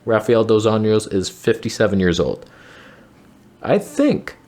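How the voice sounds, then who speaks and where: A man's voice: on the low side, very animated, unhurried, a little mellow. A man hosting a casual fight-prediction show, talking in a joking, sarcastic way. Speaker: podcast host.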